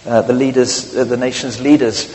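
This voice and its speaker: A man's voice: mid-range voice, fairly even intonation, moderate pace, darkish tone. Guy preaching, lots of ums and uhs, wry jokes, echoey church hall. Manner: conversational with frequent fillers and wry humour. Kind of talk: sermon.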